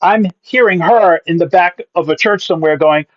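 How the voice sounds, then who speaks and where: A man from Massachusetts, a pastor and comedian, telling a story as a podcast guest with punchy comic delivery and quick asides. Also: high-pitched, no room sound. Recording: dull, dry sound.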